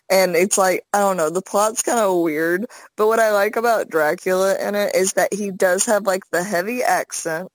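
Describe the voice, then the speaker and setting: A woman's voice: lowish voice, no echo, rough recording. A young woman co-hosting a casual podcast chat, rambling with many fillers and restarts. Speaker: podcast co-host.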